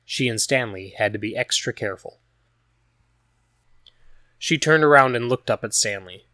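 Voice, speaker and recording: A man reading a story aloud as a narrator, in an even, measured storytelling manner. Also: medium pitch, dry recording, studio quality. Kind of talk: scripted audiobook narration.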